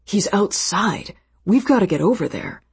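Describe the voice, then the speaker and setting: A woman's voice: medium pitch, big pitch swings, moderate pace, breathy edge, voice pushed up, full character voice. A woman voicing a blunt, eager young man who talks in a dry, sarcastic way. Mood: urgent. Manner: sarcastic, matter-of-fact.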